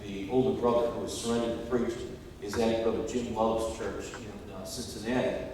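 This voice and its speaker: A man preaching a sermon as a pastor, telling a story and rising to loud, emphatic peaks. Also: fairly low pitch, slight background noise. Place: large church sanctuary. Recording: echoey hall, distant mic.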